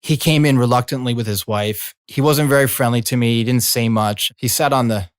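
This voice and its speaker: A middle-aged man, a coach and former healer, speaking in a slow, soothing reflective monologue. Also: mid-range voice, clean tone, dry recording, clean studio sound. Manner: slow, soothing, drawn-out phrasing. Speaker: coach and former healing practitioner.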